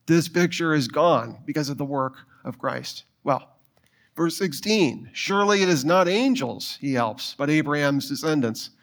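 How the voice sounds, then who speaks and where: A middle-aged man preaching a sermon, telling a personal story and putting quick questions to his listeners. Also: on the high side. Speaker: pastor.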